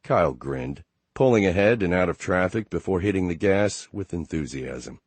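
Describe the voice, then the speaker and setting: A man reading a romance audiobook in the first person. His voice sits low and deep. The recording is dry and close, with no room sound. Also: normal speed, breathy edge, no echo. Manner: steady first-person storytelling. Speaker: audiobook narrator. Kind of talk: scripted narration.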